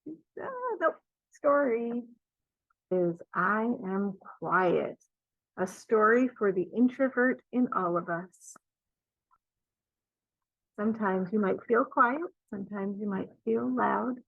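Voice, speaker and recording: A woman leading a children's storytime, gently encouraging kids and singing along. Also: mid-range voice, slow pace, vocal fry, long pauses, dry recording, phone-quality sound.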